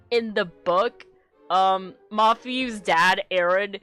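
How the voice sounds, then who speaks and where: A woman streamer reads her own webcomic aloud at her home setup. Her chatter is giggly and meandering, with casual swearing sprinkled through it. Her voice sounds bright, with faint music underneath. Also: mid-range voice. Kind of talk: casual live-stream commentary.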